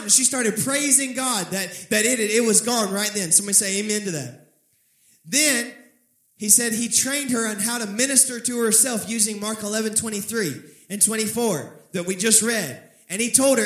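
A man preaching a sermon, telling a story and calling on the congregation to answer back, with dramatic slowing on key phrases. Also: high-pitched, a bit bright, reverberant, poor audio. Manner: preaching with call-and-response prompts to the congregation. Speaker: pastor.

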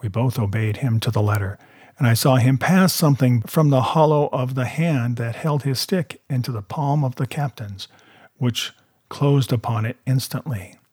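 A man narrating a novel aloud in a steady, measured way. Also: mid-range voice, slightly rough, no room sound, clean studio sound.

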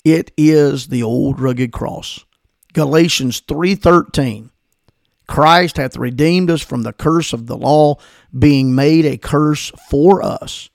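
A man preaching a sermon on his podcast, emphatic, with slow stressed phrases and repetition. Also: on the high side, gravelly, dry recording, studio quality.

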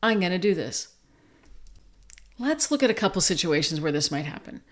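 An older woman, a grandmother, teaching a lesson on listening skills and acting out gentle example dialogue. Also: lowish voice, big pitch swings, normal speed. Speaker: parenting and relationship educator. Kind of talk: teaching talk with acted examples.

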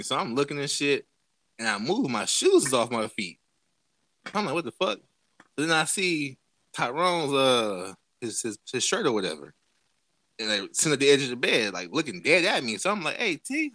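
A man on a podcast telling a rowdy story, his pitch leaping all over as he plays out each voice he quotes. His voice is bright and forceful. It sits close and dry, with no room sound. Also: fairly quick, no room sound. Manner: animated, profane, acts out quoted voices with big pitch jumps. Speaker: podcast host. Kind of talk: casual storytelling among friends.

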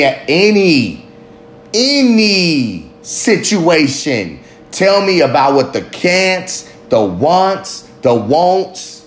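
A man in the middle of his range talks bluntly and swears freely, baring his thoughts in a candid confessional monologue. His voice rings around a roomy, echoey space with a faint low rumble underneath. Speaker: father. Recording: roomy echo.

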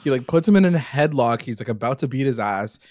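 A man's voice: medium pitch, fast, no echo, studio quality. A young man casually recapping a TV episode on a podcast, rambling with lots of fillers and the odd swear word. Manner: rambling, filler-heavy, animated retelling with swearing. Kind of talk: casual chat.

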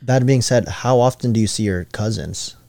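Podcast host, man, dark low voice, dry close mic, rambling casual talker. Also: gravelly, no echo. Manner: chatty, leans on "like" and "you know", quick questions.

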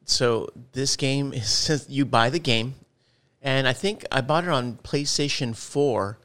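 A man co-hosting a podcast, telling stories in a rambling, animated way. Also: mid-range voice, unhurried. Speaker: podcast co-host. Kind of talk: casual chat.

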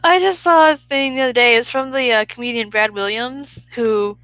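A woman's voice: on the high side, normal speed, fairly bright tone, no room sound, rough recording. A woman in casual chat who swears freely, laughs often and trails off mid-sentence.

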